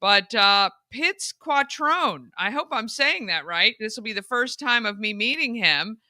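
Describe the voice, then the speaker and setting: Bubbly lady hosting a morning show, super bright crisp voice, dry room. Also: fairly high pitch, lively intonation, measured pace, dry recording. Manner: bubbly, effusive. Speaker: host. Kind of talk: live morning show chat.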